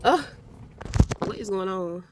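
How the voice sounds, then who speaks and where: A woman giving a casual tarot reading, talking bluntly and with plenty of swearing as she tells stories with animated energy. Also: medium pitch, takes it slowly, background noise. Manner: blunt and profane, animated storytelling. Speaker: tarot reader.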